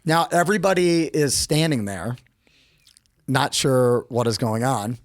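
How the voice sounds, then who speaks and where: An unhurried middle-aged American man tells a casual story as a podcast guest, with no echo in the recording. He's animated, voicing the quotes with lively jumps in pitch.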